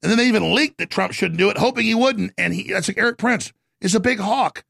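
A man hosting a radio talk show, ranting and shouting through a heated political monologue in a gravelly voice. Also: high voice, no echo, studio quality. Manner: ranting, shouting, rapid-fire.

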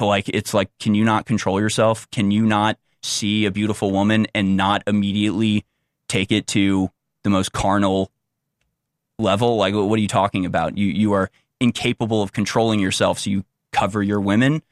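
A man's voice: on the low side, fairly even intonation, normal speed, no room sound, clean studio sound. A young man giving an unscripted, rambling commentary monologue, restarting sentences often and mocking the views he quotes in a sarcastic tone. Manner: rambling with many restarts and fillers. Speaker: political commentator.

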